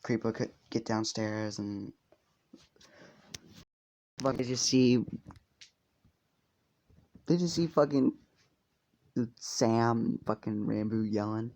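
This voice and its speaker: Gravelly man rambling through a story. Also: lowish voice, steady tone, takes it slowly, long pauses, a little mellow. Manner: rambling, heavy swearing, many fillers. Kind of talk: casual spoken fan story.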